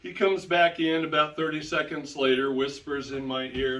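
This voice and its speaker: A man's voice: medium pitch, fairly even intonation, normal speed, hardly any pauses, pushed and bright. A man giving a public lecture, telling stories to an audience and repeating key phrases for emphasis. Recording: roomy sound, distant from the mic.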